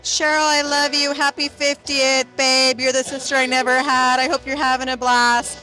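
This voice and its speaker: A woman's voice: high-pitched, little pitch movement, moderate pace, pushed and bright, faint music behind, poor audio. A drunk woman leaving a gushing birthday voice message at a party, repeating herself affectionately. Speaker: party guest. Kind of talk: guest book voice message.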